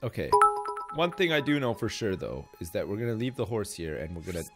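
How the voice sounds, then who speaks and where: A man's voice: lowish voice, sing-song, a little fast, over loud music. A man streaming a game live, joking, swearing and reading game text aloud in casual commentary.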